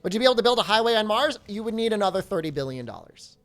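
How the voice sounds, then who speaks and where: Man, game streamer, lively up-and-down pitch, joking, rambling, reading chat aloud. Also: very fast. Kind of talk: casual live-stream chat.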